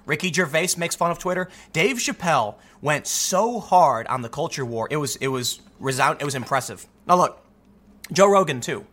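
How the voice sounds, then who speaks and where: A man giving opinionated solo commentary in an emphatic, animated way, often repeating words as he gets going. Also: fairly high pitch, normal speed. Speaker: political commentator.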